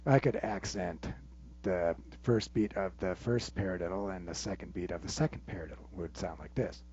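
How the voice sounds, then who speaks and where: Low-voiced man teaching drums. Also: brisk, noisy background. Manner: relaxed, explains step by step, counts stickings aloud. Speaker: drum teacher. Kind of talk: instructional drum lesson. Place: room with a drum kit. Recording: muffled sound with loud drums. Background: loud drumming between phrases.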